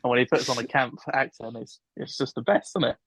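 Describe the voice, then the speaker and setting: Fast-talking man, podcast guest. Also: mid-range voice, fairly even intonation, a bit bright, breathy edge, poor audio. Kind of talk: casual podcast chat.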